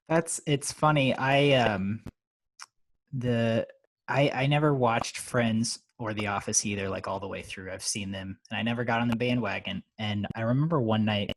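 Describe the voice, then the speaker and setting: Male podcast host, easygoing and casual, laughs often, halting phrasing. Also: on the low side, fairly even intonation.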